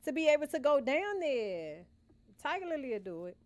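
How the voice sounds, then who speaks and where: In a high, sing-song, slightly mellow voice at a moderate pace, a young woman plays on stream and chats casually with viewers. She muses out loud and addresses chat as "y'all," over faint game music.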